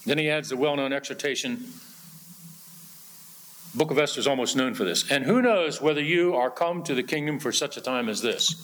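A man's voice: medium pitch, normal speed, fairly bright tone. A man preaching an earnest sermon, often quoting scripture in old-fashioned wording. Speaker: pastor.

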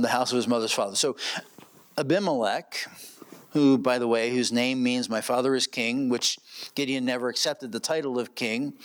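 A man's voice: mid-range voice, fairly bright tone. A man preaching an expository sermon, reading verses and posing rhetorical questions to the congregation. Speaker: pastor.

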